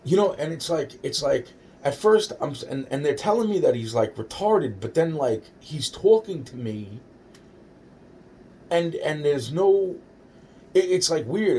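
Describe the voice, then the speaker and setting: A man's voice: on the high side, mellow, far from the mic, slight background noise. A man in his forties telling a personal story in a rambling, profane way, often repeating himself.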